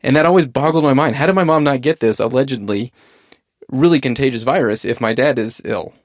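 A man hosting a podcast interview, talking in a quick, chatty, conversational way. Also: mid-range voice, no echo, studio quality. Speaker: podcast host.

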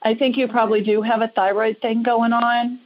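A woman's voice: on the high side, level tone, moderate pace, dull audio. A woman hosting a call-in radio show as a psychic, chatty and reassuring with callers.

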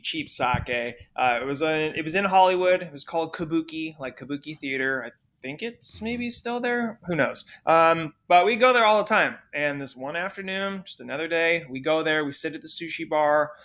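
A man's voice: fairly high pitch, a bit bright. A man guest on a podcast, telling a story in a loose, casual way with lots of swearing and fillers. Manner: loose and profane, with many fillers. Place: podcast studio.

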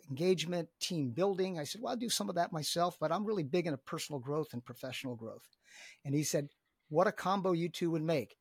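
Husky, excited middle-aged man. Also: a little high, no echo, studio quality. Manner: enthusiastic, emphatic, repeats words. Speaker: guest, business coach. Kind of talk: energetic podcast conversation.

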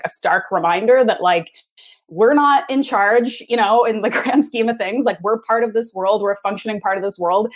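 A woman co-hosting a podcast, talking in a thoughtful, rambling way full of fillers. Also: mid-range voice. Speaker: podcast co-host. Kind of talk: casual podcast chat.

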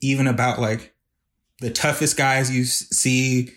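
A man guest on a podcast who speaks earnestly and reflectively, with his feelings close to the surface. His voice sits in an everyday middle pitch, and he talks with an unguarded, heartfelt manner. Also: level tone, a little slow, a bit bright. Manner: earnest, reflective, openly emotional. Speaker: podcast guest, video artist. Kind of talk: casual podcast conversation.

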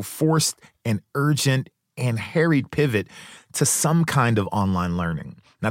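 A man hosting a podcast, giving measured, earnest scripted narration. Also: fairly low pitch, no echo, clean studio sound. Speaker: podcast host.

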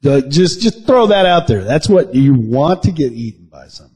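A man's voice: mid-range voice, big pitch swings, brisk, hardly any pauses, a little mellow, husky. A man co-hosting a podcast in casual joking chat, playfully teasing and hamming up his game-show announcements. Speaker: podcast co-host.

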